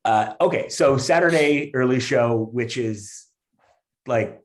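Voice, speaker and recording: Animated male comedian telling a story. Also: medium pitch, takes it slowly. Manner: animated, lots of fillers and restarts. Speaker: comedian guest. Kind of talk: casual podcast storytelling.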